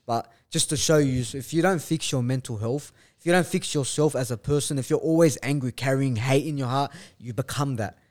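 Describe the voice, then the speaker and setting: A man's voice: mid-range voice, brisk, hardly any pauses, darkish tone. A man, a podcast guest telling a story bluntly, with lots of swearing and slang. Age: 20s. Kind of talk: casual chat.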